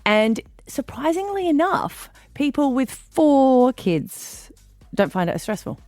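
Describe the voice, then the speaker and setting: A woman in her thirties with an Australian accent, co-hosting a radio show in casual chat and talking loudly and briskly. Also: high voice, dry recording, soft background music. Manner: loud, lively speaking voice. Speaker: radio co-host. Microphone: studio microphone.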